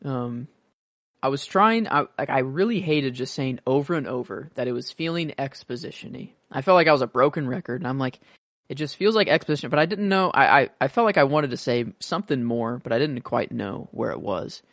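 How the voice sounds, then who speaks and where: A man co-hosts a podcast and chats in a loose, rambling way, often restarting his sentences. His voice sits at an ordinary middle pitch. It is recorded close and dry, with no room sound around it. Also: expressive, brisk, a bit bright, no echo. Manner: rambling, many restarts and fillers. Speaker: podcast co-host. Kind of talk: casual chat.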